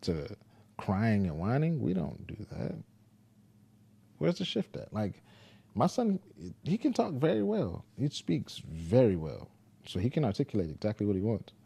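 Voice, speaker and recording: A father talking casually to the camera, telling a parenting story in a laid-back, deliberate way. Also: on the low side, wildly swooping pitch, gravelly, warm tone, breathy edge.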